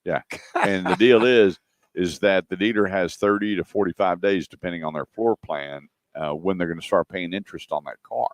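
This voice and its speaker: A very deep-voiced man, hosting a radio show and spinning playful prank stories. His voice is dry and close to the mic. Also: moderate pace, dry recording. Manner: tells joking prank stories, acting out voices. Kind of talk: casual radio chat and storytelling.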